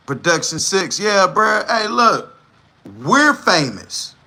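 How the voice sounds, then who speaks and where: A man's voice: high voice, sing-song, slow pace, vocal fry, sharp tone. A man hosting a livestream, giving blunt, profane and scornful reaction commentary. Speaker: livestream host.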